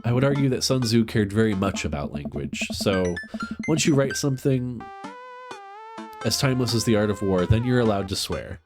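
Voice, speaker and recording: A man's voice: on the low side, expressive, normal speed, over music. A man streaming a dating game, reading its lines aloud and joking about it. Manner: joking, reads dialogue in playful voices.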